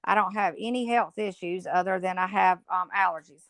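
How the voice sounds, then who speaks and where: A woman's voice: on the low side, fairly quick, dry recording. A woman, talking bluntly and openly as a podcast guest and telling stories from her own life. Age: 50s. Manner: blunt, outspoken storytelling. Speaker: podcast guest, motivational speaker. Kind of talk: casual interview chat.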